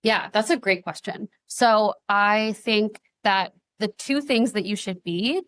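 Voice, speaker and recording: A woman's voice: mid-range voice, slow pace, a bit bright, dry recording. A young woman guest on a podcast, speaking earnestly in casual chat with many fillers. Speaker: guest, advocacy founder.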